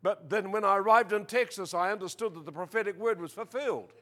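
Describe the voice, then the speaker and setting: An Australian man preaching a sermon, joking with the congregation and crying out praises, reading scripture slowly and with emphasis. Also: high voice, a bit bright. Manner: jokey, peppered with exclamations of praise. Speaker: visiting preacher.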